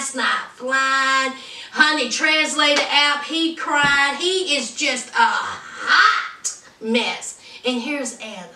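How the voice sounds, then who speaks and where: A woman with a high, bright voice talks through a reality show recap in a sassy, outspoken way, taking her time. She sits back from the mic in an echoey room. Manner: sassy, outspoken, calls viewers honey and y'all. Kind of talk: casual commentary. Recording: roomy echo, distant from mic.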